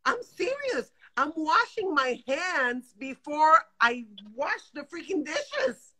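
A woman in her fifties speaks over a phone video call from her apartment. Her voice sits a little high, and she talks in rapid, animated bursts full of exasperation. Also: low-quality recording. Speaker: guest caller. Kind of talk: emotional live-stream chat. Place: home apartment.

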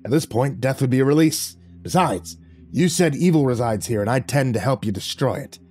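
A man voicing an undead old sea captain, weary and loyal, with a gruff, grim manner, in a horror story reading. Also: mid-range voice, brisk, dark tone, faint music behind, pitched above the performer's own voice, lightly acted. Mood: grim resolve.

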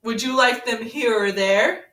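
A woman's voice: on the high side, measured pace, fairly bright tone. A woman playing brash, teasing Yang. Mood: playful. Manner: impatient, teasing, reads aloud in a sing-song voice. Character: brash, pun-loving young woman brawler. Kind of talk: comedic fan parody. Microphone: camera mic set far away. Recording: roomy room, mic far away.

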